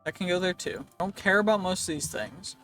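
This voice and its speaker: A man's voice: sits high, animated, a little fast, sharp tone, faint music behind. A young man casually commenting while playing a game, rambling and joking to himself, his voice slightly worn. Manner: chatty, rambling, jokey self-talk. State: voice a bit worn. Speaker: let's play host.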